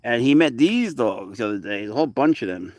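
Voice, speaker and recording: A man's voice: mid-range voice, expressive, fairly quick, a little mellow, no echo. A man hosting a casual livestream about his pet cat, chatting to viewers with rambling asides and cooing at the cat. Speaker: cat owner and channel host.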